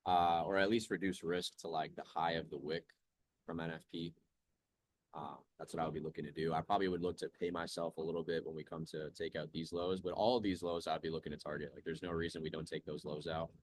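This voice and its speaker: Laid-back deep-voiced man streaming trades. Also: level tone, quick pace, dry recording. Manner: laid-back, chatty, reads chat aloud. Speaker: trading livestream host. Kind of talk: casual live-stream commentary.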